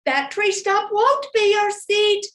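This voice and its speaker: A woman's voice: very high-pitched, slow pace, a bit bright, pitched above the performer's own voice, exaggerated voice. A woman voicing a sly little girl in a storybook tale, in a teasing singsong.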